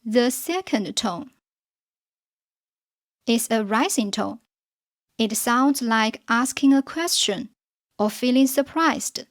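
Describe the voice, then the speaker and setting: A woman teaching a scripted beginner pinyin lesson, speaking in a slow, careful way for learners to follow and repeat. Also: fairly high pitch, lively intonation. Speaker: Chinese teacher.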